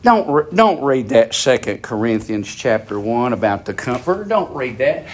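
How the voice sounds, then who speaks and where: A man's voice: mid-range voice, sing-song, moderate pace, slight background noise. A man preaching a sermon in a fervent, repetitive cadence.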